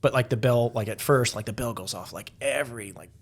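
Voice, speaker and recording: This podcast guest speaks at a medium pitch and a fairly quick pace. He rambles through casual stories, leaning heavily on "like" and often restarting his sentences.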